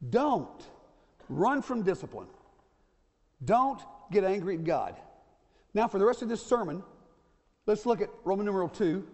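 A man's voice: high-pitched, animated, normal speed, darkish tone. A man in his sixties preaching a sermon, folksy, repeating his key points and checking in with the congregation. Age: 60s. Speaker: pastor. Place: church sanctuary. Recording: long church reverb.

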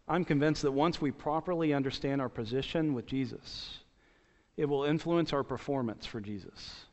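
A man's voice: fairly high pitch, moderate pace. A man preaching a sermon as pastor, earnest, repeating his key points and restarting phrases. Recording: dull sound with long church reverb.

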